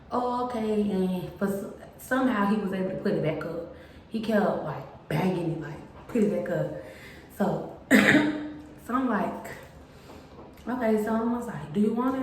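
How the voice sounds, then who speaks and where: Chatty woman in an echoey room. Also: mid-range voice. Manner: chatty, animated retelling with quoted voices. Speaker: vlogger. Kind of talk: casual storytime. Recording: very echoey room with faint noise.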